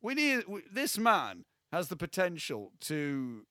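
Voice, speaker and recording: A young man, co-hosting a casual film podcast, animated and laughing often. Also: on the high side, unhurried, no room sound, studio quality. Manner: animated, laughs often, acts out scenes in funny voices. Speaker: podcast co-host.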